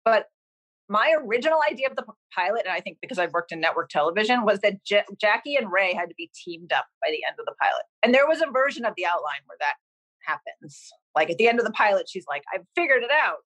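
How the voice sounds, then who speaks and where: A TV series creator from Cambridge, Massachusetts, chats casually in an interview, rambling and sprinkling in lots of "like" and "um." Her medium-pitched voice is expressive and fairly bright, and she talks at a quick pace, though the audio quality is poor.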